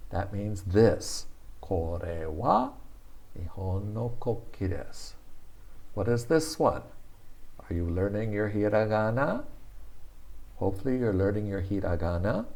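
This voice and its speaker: A man giving a casual spoken language lesson, thinking aloud with frequent fillers and repeating words slowly for practice. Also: fairly low pitch, mellow. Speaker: language teacher.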